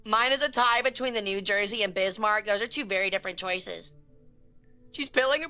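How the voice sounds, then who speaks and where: Woman streamer, casual and chaotic, crude jokes, bright and tense tone, faint music underneath. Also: on the high side, normal speed, long pauses. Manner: chaotic, crude joking with chat. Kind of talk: casual live-stream chat.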